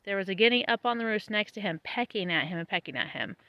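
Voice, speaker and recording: A woman vlogging casually about her homestead, tired after planting, chatty and laughing often, her voice trailing off softly. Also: medium pitch, expressive, quick pace, no room sound, poor audio. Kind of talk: casual vlog talk to camera. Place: outdoors on a small homestead.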